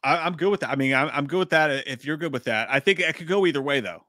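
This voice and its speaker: A man's voice: a little high, fast, bright, forceful tone, dry recording, clean studio sound. A man co-hosting a casual livestream, swearing freely and rattling off answers in a frantic, self-deprecating way. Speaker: podcast co-host.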